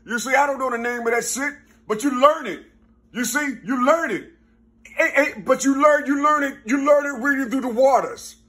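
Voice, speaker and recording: A man talking in a rambling, casual monologue, full of street slang and constant "you see?" checks, now and then laughing or bursting out loud. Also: extremely high pitch, normal speed. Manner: street slang, repeats "you see?" and "you know what I'm saying?"; excitable, mixes laughs and sudden loud bursts.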